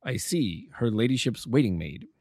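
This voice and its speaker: A man voicing a cool, stern male detective who speaks low and measured. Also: sing-song, darkish tone, no room sound, clean studio sound.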